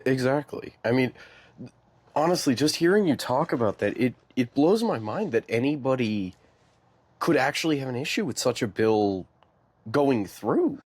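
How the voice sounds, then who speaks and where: Podcast host, dry and a bit off-mic. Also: male voice, medium pitch, animated, normal speed, a little mellow, no echo.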